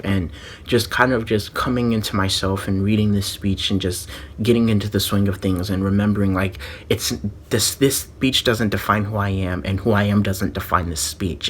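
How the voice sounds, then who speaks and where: A man's voice: lowish voice, slight background noise. A man vlogger telling a rambling storytime monologue, full of "like" fillers and restarts.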